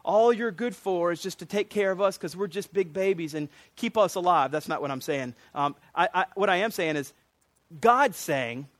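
A man delivers a sermon in an earnest, emphatic manner, often restarting phrases and slipping in light asides. His voice sits a little higher than most men's. The recording is dry and close, with no room echo. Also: expressive, normal speed, fairly bright tone. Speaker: preacher.

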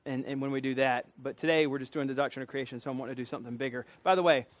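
A man's voice: mid-range voice, steady tone, rapid-fire, dry recording. A middle-aged man with a Southern US accent, a pastor teaching a sermon in a conversational, folksy way with self-deprecating asides. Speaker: pastor teaching a doctrine class.

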